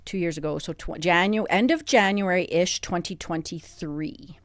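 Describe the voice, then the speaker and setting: A middle-aged woman, a podcast guest recounting a hard time in a halting, emotional way with many restarts. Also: on the low side, no echo, studio quality. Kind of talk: personal interview. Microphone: studio microphone.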